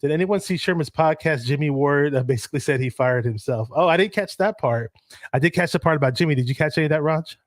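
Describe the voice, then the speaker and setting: A man hosting a sports talk show, chatting in a relaxed way and reading out viewer comments. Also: fairly high pitch, fast talker, no echo, clean studio sound. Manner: relaxed, many ums and restarts. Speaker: podcast host.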